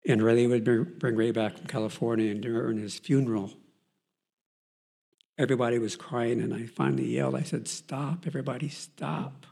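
A man's voice: medium pitch, fairly quick, vocal fry, warm tone. A man earnestly telling his Christian faith testimony as a story, with frequent fillers and restarts. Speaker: person giving a Christian testimony.

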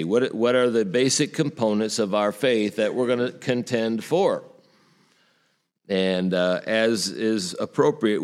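Male pastor with a low voice, earnest sermon delivery, poses rhetorical questions to the congregation.

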